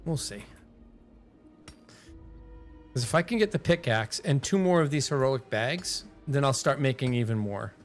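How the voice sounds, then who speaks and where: A male game streamer at a medium pitch talks in a loose, rambling way, half to himself and half to his viewers. Faint music plays behind him. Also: expressive, brisk. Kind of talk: casual thinking aloud while gaming.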